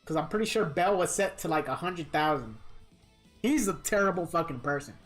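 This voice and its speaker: A woman's voice: deep voice, animated, brisk, soft background music. A woman livestreamer chatting casually while gaming, rambling, swearing freely and reading chat comments aloud.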